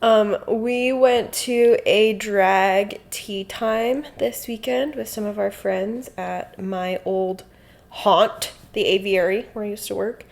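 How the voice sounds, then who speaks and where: Casting: woman podcast co-host, chatty and giggly, mid-pitched, casual delivery. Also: fairly even intonation, slow, creaky, a little mellow. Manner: chatty, laughing, many fillers. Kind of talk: casual chat.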